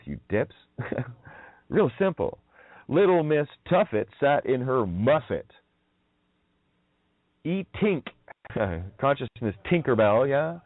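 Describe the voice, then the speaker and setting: This is a man with a fairly low voice, hosting a meandering one-man radio segment. He swears, mocks, laughs frequently and toys with the sounds of words, all captured dry through narrow, tinny, phone-style audio.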